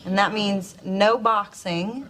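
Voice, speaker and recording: An actress playing a practical young wife with a teasing, dry humor. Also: female voice, mid-range voice, steady tone, slow, natural voice. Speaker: sitcom wife and mother. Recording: sitcom audio with background noise.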